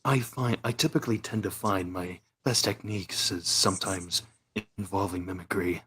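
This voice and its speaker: A man's voice: low-pitched, steady tone, moderate pace, fairly bright tone, slightly rough, exaggerated voice. A man voicing a brooding, stoic male cartoon hedgehog antihero who talks formally and stiffly in a fan role-play Q&A.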